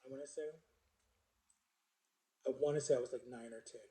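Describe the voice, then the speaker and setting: Mellow-voiced man rambling through a story. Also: medium pitch, fairly even intonation, a little fast, roomy sound. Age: 40s. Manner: rambling, filler-heavy, repeats words. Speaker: vlogger. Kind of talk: casual storytime monologue.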